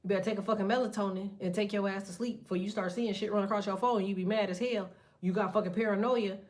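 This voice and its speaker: A woman's voice: mid-range voice, steady tone, quick pace, a little mellow. A woman giving a casual tarot reading, talking bluntly with heavy profanity and a preachy edge. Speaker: tarot reader.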